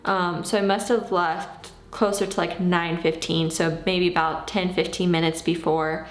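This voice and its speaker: A woman in her thirties telling a personal story in a casual, animated way, acting out what she said back then. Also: fairly low pitch, unhurried, echoey room, soft background music. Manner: animated, acts out her own past lines. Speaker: vlogger.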